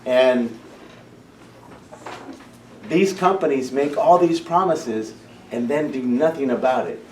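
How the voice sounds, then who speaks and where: A man's voice: medium pitch, slow, darkish tone. Male program founder, fired-up talk to parents, heard from across an echoing room. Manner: passionate, repeats and restarts phrases. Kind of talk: impassioned public talk. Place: school meeting room. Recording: echoey room, distant mic, faint hum.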